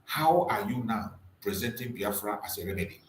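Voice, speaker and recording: Fiery, preaching man with wide pitch swings. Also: lively intonation, moderate pace, echoey room, slight background noise, rough recording. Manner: rhetorical, repeats questions, swings between loud emphasis and quiet drops. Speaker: channel host and activist commentator. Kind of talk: impassioned political monologue.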